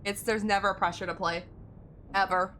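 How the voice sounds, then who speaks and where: Bright, chatty woman streamer. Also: medium pitch, fairly even intonation, brisk, slight background noise. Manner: chatty, rambling, giggly. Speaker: game streamer. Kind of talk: casual live-stream chat.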